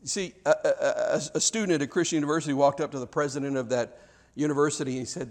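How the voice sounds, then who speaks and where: High-voiced preacher, animated and chatty. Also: male voice, very fast. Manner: animated, conversational preaching with repeated restarts. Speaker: pastor. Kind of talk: sermon.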